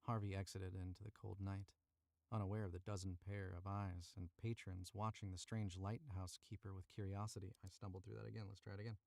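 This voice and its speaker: A deep, creaky, darkish voice with little pitch movement comes fairly quickly in a dry recording. This voice actor streams a story reading from a cramped booth, making chatty asides and rerecording lines he fumbles.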